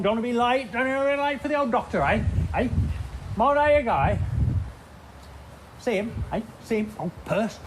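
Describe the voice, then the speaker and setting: Brief: a man as a rambling matey bloke, lively pitch, faint outdoor ambience. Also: slight background noise. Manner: matey, repetitive, rambling, tag questions. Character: chatty middle-aged Englishman gossiping about an old neighbour. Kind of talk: comedy sketch character.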